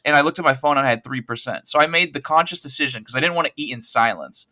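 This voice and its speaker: A man's voice: on the high side, fast, hardly any pauses, sharp tone, dry recording. A man appearing as a podcast guest, telling rambling, self-deprecating stories in casual chat. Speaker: podcast guest, co-host of another show.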